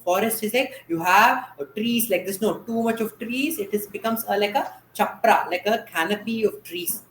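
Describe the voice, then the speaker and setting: A man's voice: sits high, normal speed, fairly bright tone, roomy sound, a little hiss or hum. A man teaching a dance class over a video call. He patiently asks questions and has the students repeat each term after him.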